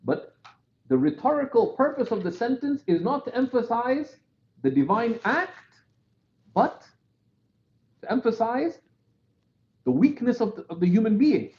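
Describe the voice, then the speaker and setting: High, lively male teacher on dull audio. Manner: explains step by step, often checking with "right?"; reads quotations in rapid bursts. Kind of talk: classroom text commentary.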